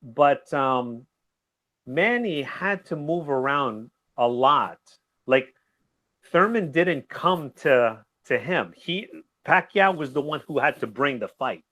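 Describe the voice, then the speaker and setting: Animated man rambling about a fight. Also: medium pitch. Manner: animated, rambling, quick to laugh. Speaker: guest, boxing YouTuber. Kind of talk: casual boxing recap chat.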